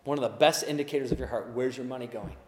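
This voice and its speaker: A man preaching a sermon as pastor, earnest, swinging from hushed, slow asides to loud shouted urging. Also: medium pitch, roomy sound, long reverb tail.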